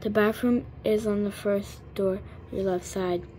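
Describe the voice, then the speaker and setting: A girl reading out a grumpy male ogre's directions, gruff and impatient, ending in a yell. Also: medium pitch, fairly even intonation, a little slow, slight background noise, close to an everyday voice.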